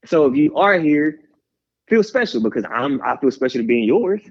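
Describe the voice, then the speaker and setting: A man's voice: a little high, moderate pace. A man, talking openly and energetically as a guest, ranting and hyping people up. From Houston, Texas. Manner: animated, rambling, hype-man energy. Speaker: guest musician. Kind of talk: candid interview talk. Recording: slightly dull lo-fi radio audio.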